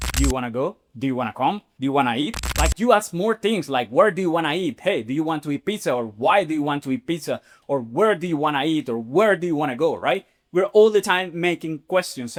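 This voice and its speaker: A man teaching in an online lesson, lively and repetitive, checking in with "okay?" and "right?" after most points. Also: fairly high pitch. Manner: animated, repeats "okay?" and "right?" often. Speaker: Spanish teacher.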